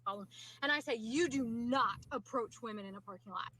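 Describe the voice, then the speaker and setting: Indignant, insistent woman with a bright, sharp voice and a higher pitch. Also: brisk, poor audio. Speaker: woman in a viral video clip. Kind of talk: recounting an incident.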